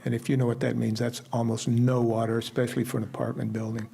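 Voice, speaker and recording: Gravelly older man telling a memory. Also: medium pitch, little pitch movement, dark tone. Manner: storytelling, unhurried with asides. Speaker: memorial speaker. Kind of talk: personal remembrance at a memorial service. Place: ashram gathering hall.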